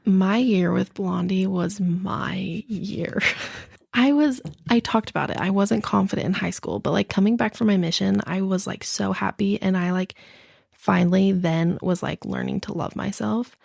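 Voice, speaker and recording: Young woman guest, bubbly storyteller, lots of vocal fry, close dry mic. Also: medium pitch, normal speed, darkish tone, dry recording. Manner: bubbly storyteller, laughs often. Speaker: podcast guest. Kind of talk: casual chat.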